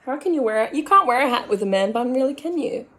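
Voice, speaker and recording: A woman's voice: high-pitched, lively intonation, fast talker, a bit bright. A young woman with an Australian accent chatting frankly and rambling while she does her makeup at home. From Australian countryside. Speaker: makeup vlogger. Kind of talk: casual chatty commentary.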